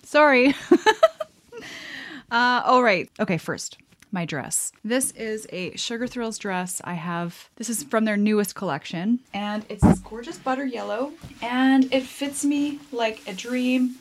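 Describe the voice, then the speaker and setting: A woman's voice: on the high side, unhurried, slight background noise. Bubbly, giggly woman podcast host. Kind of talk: casual chat.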